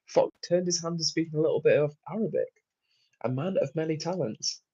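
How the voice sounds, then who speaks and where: A man's voice: on the high side, fairly quick, warm tone, breathy edge, dull audio. Chatty man hosting a livestream. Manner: chatty, friendly, laughs often. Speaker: livestream host. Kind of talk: casual live chat reading comments. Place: hotel room on a work trip.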